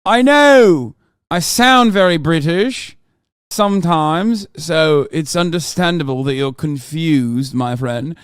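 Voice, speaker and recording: A man from the United States, streaming and reacting to a video and chat in a profane, animated rant. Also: on the high side, slow, smooth, no room sound, studio quality. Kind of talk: casual live-stream reaction and chat replies.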